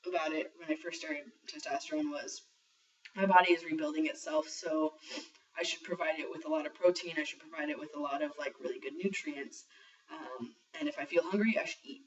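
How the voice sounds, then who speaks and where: Recorded from afar on a built-in camera mic, the audio is muffled and lo-fi as a young trans man rambles casually through his transition diary vlog, with lots of ums and an odd swear. He speaks a little high at normal speed.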